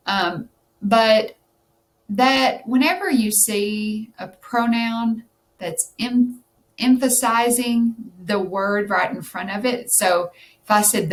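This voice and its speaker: A woman's voice: medium pitch, slow pace. A woman tutoring test prep, thinking aloud as she explains answers and checking in with "okay?".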